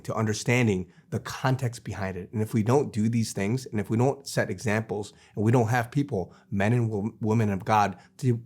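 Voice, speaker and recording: Earnest low-voiced male preacher. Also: darkish tone. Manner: earnest, repeats phrases, many restarts. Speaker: Christian preacher. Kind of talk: preachy video monologue.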